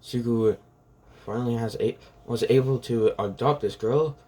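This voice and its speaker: A man's voice: medium pitch, normal speed, darkish tone. A man casually retelling a fan-made story in a rambling way, full of fillers. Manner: rambling, full of "like" and "pretty much".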